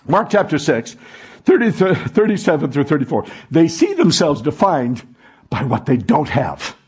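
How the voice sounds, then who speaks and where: A male pastor delivers an animated sermon, tossing questions out to the congregation and waiting for them to answer back. His voice sits high and sounds husky, and he rides big swings in pitch. He paces himself slowly and leans hard on the words that matter. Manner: animated preaching with call-and-response questions.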